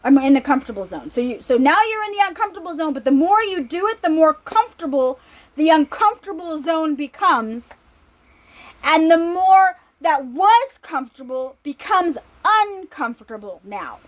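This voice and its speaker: Woman ministry speaker, informal sermon, high animated voice, chatty and repetitive. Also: moderate pace. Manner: conversational, repeats herself, checks in with "right?".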